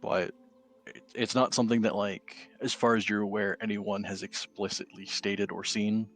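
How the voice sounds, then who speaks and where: A man acting as game master for a tabletop role-playing game, explaining things to the players in a measured, hedging way. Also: lowish voice, little pitch movement.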